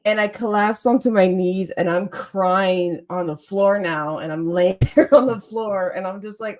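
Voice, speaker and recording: A young woman hosting a relaxed talk, her voice sitting at an ordinary middle pitch. She tells her story in an animated way, laughs often and acts out the lines of the people in it. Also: measured pace, hardly any pauses. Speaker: podcast host. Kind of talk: casual storytelling chat.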